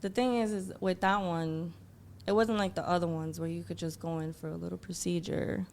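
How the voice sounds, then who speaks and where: Woman guest, low gravelly voice, animated storyteller, faint noise behind. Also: a little fast. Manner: animated, acts out quotes in a higher voice. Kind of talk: emotional personal storytelling.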